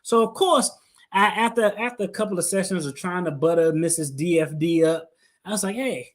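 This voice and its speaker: A man's voice: high voice, fairly quick. A man hosting a finance video, telling a story in a casual, playful way and acting out his own quotes. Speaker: attorney and finance video host.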